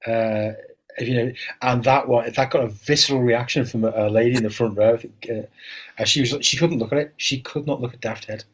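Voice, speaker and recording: A male co-host talks in a husky voice, musing aloud and restarting his sentences. His pitch sits in the ordinary middle range. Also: fairly even intonation, a little fast. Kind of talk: casual chat.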